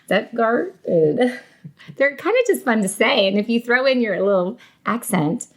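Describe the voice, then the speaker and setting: A woman's voice: fairly high pitch, animated, a little slow. A woman with a Northern US accent, chatting upbeat as a podcast guest and laughing easily. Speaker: podcast guest, children's ministry coordinator. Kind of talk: casual conversational interview.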